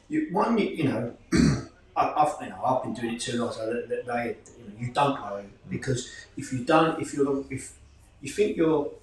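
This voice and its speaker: Plain-spoken man, far and echoey. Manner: plain-spoken, rambling, lively pitch swings. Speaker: football club manager. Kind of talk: casual discussion.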